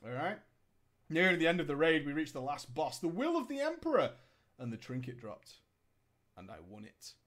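Brief: story reader, very lively pitch, sarcastic asides and swearing. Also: normal speed, long pauses. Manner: sarcastic, swears, breaks off to riff and laugh. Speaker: storyteller reading gaming stories. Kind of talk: comedic story reading with commentary.

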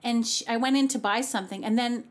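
A woman opera singer chatting as a podcast guest, telling animated stories with lots of giggling. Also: a little high, quick pace. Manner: giggly, animated storyteller who acts out voices. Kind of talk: casual podcast chat.

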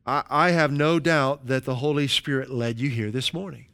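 A man preaching a sermon as pastor, leading his congregation through slow, emphatic call-and-response lines. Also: mid-range voice, a bit bright, clear, resonant tone.

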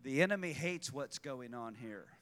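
A man's voice: mid-range voice, lively intonation, moderate pace, fairly bright tone. A man preaching a fervent sermon to his church, repeating lines for emphasis and calling out people by name. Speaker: pastor. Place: church sanctuary. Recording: long hall reverb.

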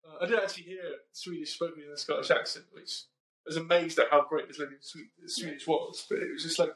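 A man's voice: fairly high pitch, fairly even intonation, fast talker, a bit bright, roomy sound. A man hosting a podcast, chatting casually and rambling with frequent ums and self-corrections. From United Kingdom. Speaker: podcast host. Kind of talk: casual conversational podcast chat.

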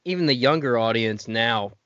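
A man hosting a podcast in casual chat, animated and swearing as he gets worked up. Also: mid-range voice, normal speed, clear, resonant tone, no echo. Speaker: podcast host. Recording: dry, dull lo-fi sound.

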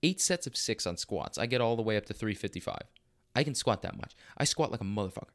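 A young man hosting a podcast, talking in a crude, boastful, profanity-laced casual monologue. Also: fairly low pitch. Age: young adult. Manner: bursts of fast, excited talk. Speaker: podcast host.

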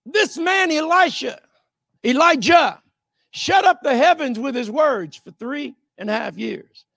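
High-voiced man preaching with shouts. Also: expressive, unhurried, gravelly, no echo, studio quality. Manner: emphatic, often shouting, rhetorical calls to the crowd. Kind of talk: sermon.

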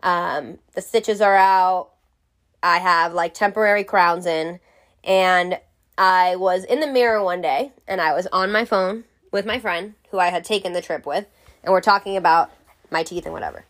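A woman's voice: on the low side, moderate pace, fairly bright tone. A woman vlogger telling a story to camera in a casual way. She is frank, jokey and swears freely.

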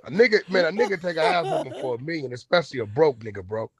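A man hosting an online talk room, naturally loud, blunt and aggressive, with profane casual speech. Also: medium pitch, sing-song, rapid-fire, crowd noise. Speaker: host. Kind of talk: heated casual chat. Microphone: online audio room.

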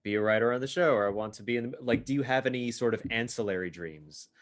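A man co-hosting a podcast in casual chat, asking relaxed questions and reacting briefly. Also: mid-range voice, fast. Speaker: host.

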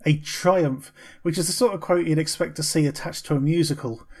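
A man with a somewhat high voice co-hosts a casual film podcast. He rambles through his picks, hesitating with frequent ums and restarts. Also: steady tone, quick pace, a little mellow, husky. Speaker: podcast co-host. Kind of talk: casual film review chat.

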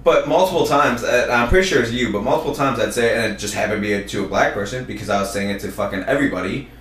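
A man's voice: lowish voice, rapid-fire, a bit bright, roomy sound, slight background noise. A man co-hosting a podcast, rambling loosely with lots of fillers. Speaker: podcast co-host. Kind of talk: casual chat.

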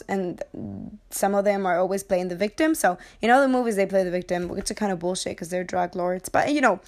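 A woman talking loosely about films she watched, in a casual, joking way. Her pitch sits in the middle for a woman. She swears freely and keeps drifting onto tangents before pulling herself back. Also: darkish tone. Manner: rambling, jokey, swears freely, goes off on tangents. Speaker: movie review vlogger. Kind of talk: casual movie chat.

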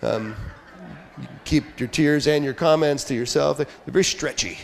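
A man preaching a sermon as pastor, talking conversationally and joking, then dropping into quiet asides. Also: on the high side, moderate pace, gravelly, slight background noise. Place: church sanctuary. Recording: long church hall reverb.

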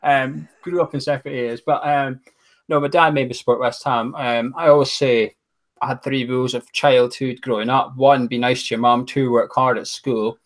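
A man's voice: mid-range voice, steady tone, moderate pace. Scottish man, guest on a fan-show chat, friendly rambling storyteller with lots of ums. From Aberdeen, Scotland. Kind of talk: casual chat.

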